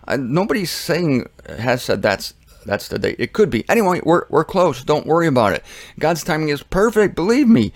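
A man's voice: mid-range voice, dry recording. A man hosting a casual Bible teaching show, rambling and joking, often trailing off and restarting.

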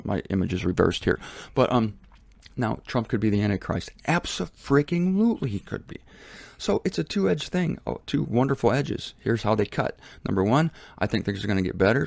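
A man with a gravelly, fry-edged voice and a mid-range pitch talks straight into a front-facing camera in a laundry room, hosting his own show. He speaks emphatically and repeats himself, and his pitch leaps high when he mocks a view. The sound is dry and close. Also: darkish tone, no room sound. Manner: emphatic, repetitive, swings to high pitch on mocking lines. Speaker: show host. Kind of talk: casual opinion monologue.

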